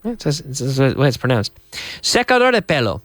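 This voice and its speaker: A man's voice: mid-range voice, sing-song, brisk, a bit bright, no room sound, clean studio sound. A man from Canada teaching English vocabulary on a TV lesson, spelling words out and switching into Spanish.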